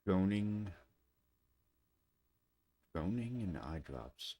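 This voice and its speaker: A man's voice: low-pitched, sing-song, drawn-out words, mellow. A man streaming a game, making crude offhand jokes in casual commentary.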